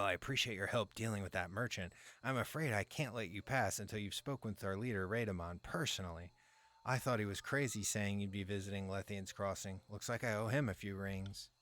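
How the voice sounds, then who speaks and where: A man's voice: on the low side, a bit bright, close to an everyday voice. A man as a smug, falsely polite mercenary guard. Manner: smooth, mockingly polite.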